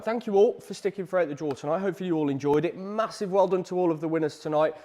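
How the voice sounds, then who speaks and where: A British man hosting a live prize draw stream, chatty and energetic, with a salesy push and frequent ums. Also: fairly high pitch. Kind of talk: upbeat live-stream announcements.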